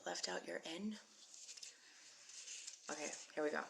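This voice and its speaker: A woman's voice: fairly low pitch, a little slow, gravelly, noisy background. A woman teaching a live-streamed Hebrew reading class, chatty and encouraging as she calls out viewers by name. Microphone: phone mic.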